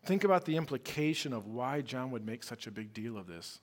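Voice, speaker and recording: A man's voice: mid-range voice, expressive, fairly quick. A man preaching a sermon as pastor, conversational and emphatic, with rhetorical questions.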